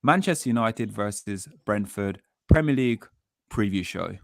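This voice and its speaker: A man hosting a casual football fan chat show, telling stories and acting out quotes with lively energy. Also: on the low side, moderate pace, vocal fry, slight background noise. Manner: animated storytelling, acts out quotes. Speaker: podcast host.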